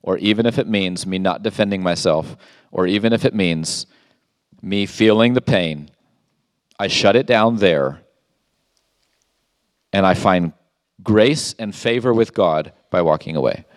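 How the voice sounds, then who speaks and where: A man's voice: deep voice, measured pace, pauses often, dry recording, studio quality. Emphatic male pastor preaching. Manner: emphatic, rhetorical questions, reads scripture aloud. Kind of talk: sermon.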